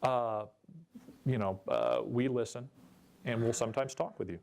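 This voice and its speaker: A man's voice: mid-range voice, normal speed, creaky, a little mellow, a little hiss or hum. A man giving a jokey, chatty seminar talk at a convention and asking the audience questions. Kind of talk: live presentation to a room.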